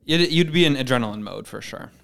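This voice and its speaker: A man's voice: medium pitch, lively intonation, fast, vocal fry, fairly bright tone. A man co-hosting a podcast, chatting casually and playfully, often laughing and trying out posh accents. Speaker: podcast co-host. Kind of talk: casual chat.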